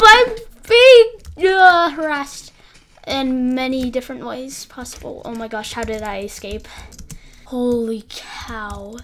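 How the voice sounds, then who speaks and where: Young female gamer, high-pitched and slow-talking, rambly flustered live commentary with faint keyboard clicks. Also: a little hiss or hum. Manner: rambling, flustered, breaks off mid-sentence often. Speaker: gaming YouTuber.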